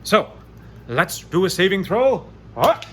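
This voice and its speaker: A man narrating a solo tabletop game, chatty and animated as he rolls dice aloud. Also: sits high, slow, husky. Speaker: game master playing solo.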